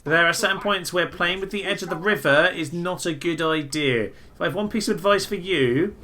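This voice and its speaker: A young man giving casual, jokey commentary over a strategy game, breaking into loud excited exclamations. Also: sits high, a little fast. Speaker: gaming video host.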